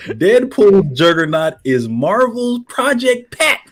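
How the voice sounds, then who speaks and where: A man co-hosting a podcast, relaxed and agreeable, laughing along with his partner. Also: sits high, slow pace. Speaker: podcast co-host. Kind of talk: casual chat.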